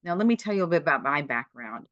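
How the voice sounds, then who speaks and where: A woman's voice: sits low, animated, fast talker, fairly bright tone, dry recording, dull audio. A woman in her sixties, a podcast guest, retelling her own caregiving story in vivid, dramatic short sentences. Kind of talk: personal storytelling.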